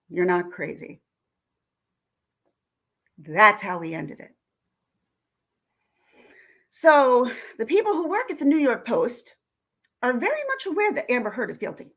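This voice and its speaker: A woman's voice: a little high, very animated, takes it slowly, pauses often, a bit bright, breathy edge. A woman vlogger, indignantly retelling a phone call in a ranting commentary.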